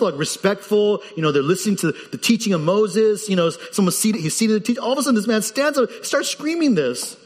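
Guy preaching a sermon in church, bit high voice, lots of hall echo, gets loud and excited acting out the story. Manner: animated preaching with sudden pitch jumps for quoted voices. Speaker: pastor.

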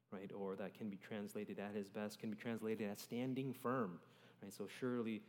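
A man's voice: lowish voice, little pitch movement, normal speed, darkish tone. A young man preaching a sermon in a conversational way, often checking in with "right?" as he reads and explains scripture. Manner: conversational, keeps adding "right?". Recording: long reverb of a large hall.

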